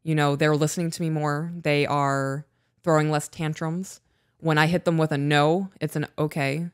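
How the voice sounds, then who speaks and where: A woman's voice: sits low, flat delivery, normal speed, clean tone, dry recording, studio quality. A woman co-hosting a podcast in casual chat, frank and swearing freely as she tells stories. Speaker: podcast co-host.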